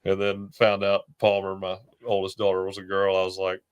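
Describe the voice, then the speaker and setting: A man in his thirties, a podcast guest, talking in an easygoing, halting way. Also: low-pitched, monotone, clean tone. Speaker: podcast guest, former quarterback. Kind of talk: casual sports podcast chat.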